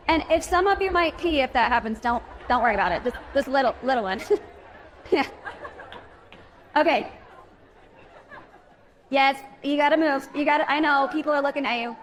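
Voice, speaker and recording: A woman's voice: sits high, moderate pace, a faint crowd, a little hiss or hum. Woman doing a keynote on stage, chatty, jokes on herself, laughs a bunch. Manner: chatty and self-deprecating, laughs often. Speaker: keynote speaker. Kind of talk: live conference speech. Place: conference stage with podium.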